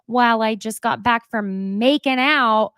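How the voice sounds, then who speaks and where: A woman's voice: a little high, a little slow, a bit bright, clear, resonant tone, dry recording, studio quality. A woman mocking a whiny, smug boyish man. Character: smug boyish man faking puppy-like charm.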